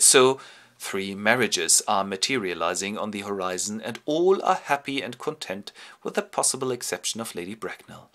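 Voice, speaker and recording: A man's voice: on the low side, lively intonation, normal speed, pushed and bright. A man narrating a comedic literary summary in a playful, theatrical manner.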